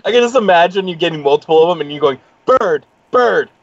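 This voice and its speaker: A man with a somewhat high voice, heard on a slightly muffled recording, chatting as a tabletop game player. He often restarts his sentences and chuckles between them. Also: animated, rapid-fire, no room sound. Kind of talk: casual chat during a tabletop game.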